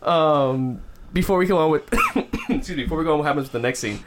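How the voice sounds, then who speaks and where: A man's voice: a little high, expressive, fast, noisy background. A man hosting a casual movie review chat, retelling scenes with lots of acted-out voices and laughter. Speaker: podcast host.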